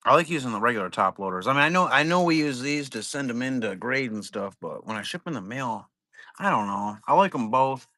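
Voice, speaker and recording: Bright-sounding dude rambling on his card stream, swears a lot, dry close sound. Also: medium pitch, lively intonation, fairly quick, dry recording. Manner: rambling, profane, laid-back. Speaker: trading card break seller. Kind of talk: casual livestream chat.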